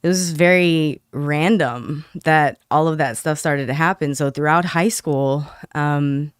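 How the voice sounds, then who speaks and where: Guest woman, soft-spoken and hesitant, smooth clear voice, dry close mic. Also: sits low, dry recording. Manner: soft-spoken, quick to laugh, hesitant with many ums. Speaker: podcast guest. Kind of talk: casual interview, personal testimony.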